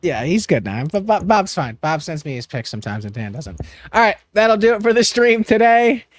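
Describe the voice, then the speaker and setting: A man's voice: high voice, big pitch swings, moderate pace. A young man co-hosting a sports betting podcast, telling rambling jokey stories. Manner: joking, rambling storyteller. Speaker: podcast co-host. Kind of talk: casual chat.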